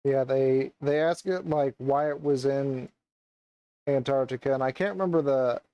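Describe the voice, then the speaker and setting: A man's voice: mid-range voice, moderate pace, dark tone, smooth, dry recording, dull audio. A young man co-hosting a casual chat, rambling and hesitant with many fillers and restarts. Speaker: podcast co-host.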